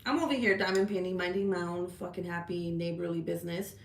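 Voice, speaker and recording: A woman telling a story in a casual rant, animated, swearing a lot, with many "like"s and "right?"s. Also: on the low side, a little fast, echoey room. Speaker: vlogger. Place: at home.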